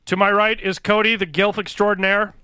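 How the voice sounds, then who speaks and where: A man's voice: sits high, little pitch movement, fairly quick, sharp tone, smooth. A man hosting a crude, casual podcast, joking and reading ad copy. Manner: profane, joking, reads ad copy. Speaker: podcast host. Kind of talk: crude casual chat with friends.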